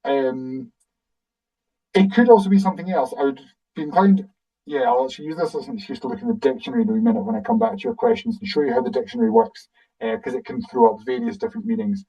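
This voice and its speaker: A Scottish man with a fairly high, gravelly voice and a mellow tone, talking in a lively, up-and-down way as he answers questions. He thinks aloud as he explains, in a casual webinar style. The audio is dull and the mic sits some way from him, as on a video call. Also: fast, distant mic. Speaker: guide presenting a webinar.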